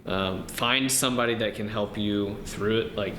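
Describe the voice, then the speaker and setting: A low-pitched man speaks in a relaxed, halting way and keeps starting over. He is recorded in a roomy, echoing space with a faint hiss behind him. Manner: relaxed, hesitant, many ums and restarts. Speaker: podcast guest, real estate wholesaler. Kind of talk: casual interview answers. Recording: roomy with faint background noise.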